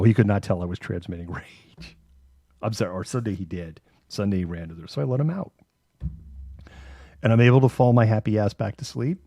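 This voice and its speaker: A man hosts a live stream and tells long, rambling stories peppered with swearing. His voice is low and mellow. It sounds dry and close to the microphone. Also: dry recording, lo-fi sound. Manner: rambling, profane storytelling. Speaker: host. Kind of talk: live-stream casual chat.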